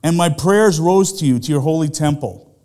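A man's voice: fairly high pitch, normal speed, dark tone. A middle-aged man, a pastor, preaching a sermon in a conversational way, full of rhetorical questions to the congregation.

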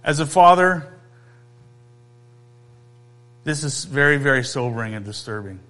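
A male pastor preaching a conversational sermon, emphatic, pausing and posing questions to his listeners. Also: mid-range voice, lively intonation, fairly bright tone.

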